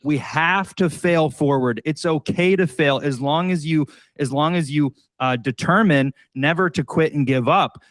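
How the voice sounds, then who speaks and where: A man's voice: a little high, measured pace, no echo. Enthusiastic male podcast host, motivational and encouraging, dry recording. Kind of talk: casual podcast conversation.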